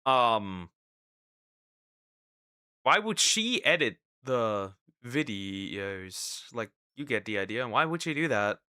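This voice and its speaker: A man chatting through a casual reaction stream, animated and quick to exclaim. His voice is bright and forceful, with a pitch that leaps all over the place. The sound is close and dry. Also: clean tone, dry recording. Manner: animated, exclaiming and repeating himself.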